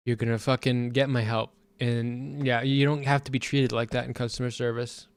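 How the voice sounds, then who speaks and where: A man's voice: mid-range voice, steady tone, fairly quick, few pauses, a bit bright, clear, resonant tone, no echo. A man streaming, chatting casually in a profane, ranting way. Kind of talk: casual chat.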